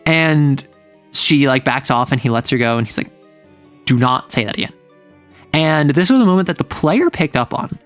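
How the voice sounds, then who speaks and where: A man's voice: fairly high pitch, expressive, moderate pace, soft background music. A man streaming from home, casually retelling his tabletop game session in a rambling way full of fillers and self-corrections.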